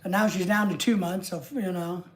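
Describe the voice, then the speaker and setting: A woman's voice: lowish voice, steady tone, moderate pace. Chatty woman with a Southern US drawl. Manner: rambling and homey, chatting easily with frequent asides. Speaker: livestream host. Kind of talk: casual livestream chat with viewers.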